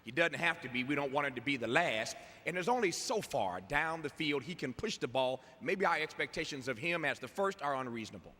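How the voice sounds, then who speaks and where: A man's voice: fairly high pitch, animated, brisk, hardly any pauses, pushed and bright. A man moderating a round-table discussion, posing questions with a teasing edge. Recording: echoey hall with faint crowd and noise.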